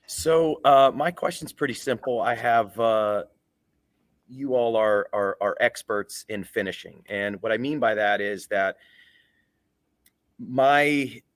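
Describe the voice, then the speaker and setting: A man, a guest on a panel, telling a casual anecdote in a lively storytelling way before asking his question. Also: medium pitch, slow, no echo.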